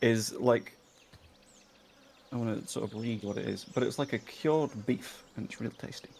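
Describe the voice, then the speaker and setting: A man's voice: mid-range voice, moderate pace, gravelly, a little mellow, a little hiss or hum. A young man with a dry, joking manner, chatting casually with a friend over a voice call. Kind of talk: casual chat.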